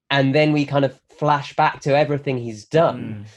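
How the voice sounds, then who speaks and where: A man pitches a film as a lively story on a comedy podcast, rushing through the plot and slipping into the characters' lines. His voice sits at a middling pitch. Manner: animated storyteller, quick, acts out quotes. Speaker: guest pitching a film idea.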